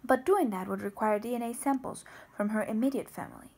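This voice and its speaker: A woman's voice: fairly high pitch, a little fast, gravelly, darkish tone. A woman narrating an audiobook, reading expressively and voicing the characters. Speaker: audiobook reader.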